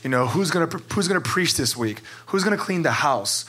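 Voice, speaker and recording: A man's voice: on the high side, expressive, brisk, bright, forceful tone, husky. A man who is a pastor, sharing candidly and with emotion, filling his talk with "like". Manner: earnest, emotional, many "like" fillers.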